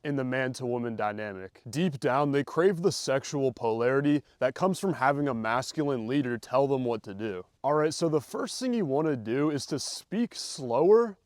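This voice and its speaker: A young man giving casual, confident dating advice straight to the listener, loose and slangy, sometimes showing how to slow his delivery down. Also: medium pitch, lively intonation, a little mellow, dry recording, clean studio sound. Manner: demonstrates slow versus rushed delivery. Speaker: dating coach. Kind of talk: direct-to-camera advice monologue.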